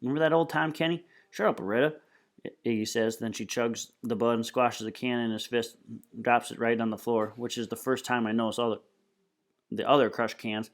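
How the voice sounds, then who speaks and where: A man reading a novel aloud in plain, steady storytelling. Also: medium pitch, normal speed. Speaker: reader.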